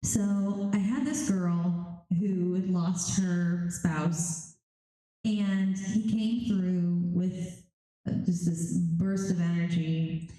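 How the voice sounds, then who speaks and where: A woman's voice: fairly low pitch, fairly even intonation, drawn-out words, warm tone. A woman medium telling stories on a convention panel, animatedly acting out the voices of spirits and clients. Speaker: psychic medium. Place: large convention hall. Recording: very echoey hall.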